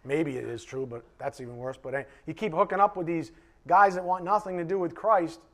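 A man preaching a conversational sermon to a Bible class. He talks directly to his listeners and swings between loud emphasis and quiet asides. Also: fairly high pitch, fairly quick. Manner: emphatic and direct, addressing the congregation.

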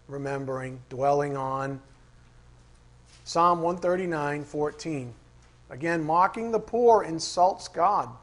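A man teaching a Bible study class. He asks the class questions, reads verses slowly and repeats the key lines. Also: on the high side. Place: classroom with a board.

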